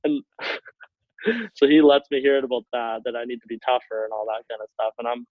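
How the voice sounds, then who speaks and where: A man's voice: medium pitch, normal speed, dry recording. Young man laughing through a story, phone-line sound. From Canada. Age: young adult. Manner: laughs often while telling stories, relaxed, filler-heavy. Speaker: guest, hockey player. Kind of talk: casual storytelling. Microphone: call over internet. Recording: tinny phone-like line, dry.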